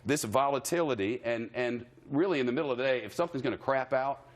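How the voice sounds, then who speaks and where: A man's voice: medium pitch, quick pace. A man anchoring live cable news, talking in a wry, conversational way with jokey asides. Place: television studio.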